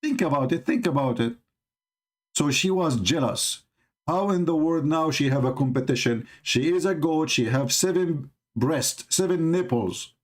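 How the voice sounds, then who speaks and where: This is sarcastic live commentary from the host of a religious debate stream, a Middle Eastern man whose first language is Arabic. Ridiculing a video with rhetorical questions in broken English, he talks at a moderate pace in an expressive voice that sits on the high side.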